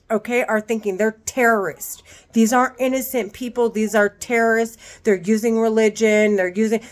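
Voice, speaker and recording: A woman at home speaking to her camera in an agitated monologue, angry and profane, often stopping and restarting her sentences. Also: mid-range voice. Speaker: vlogger.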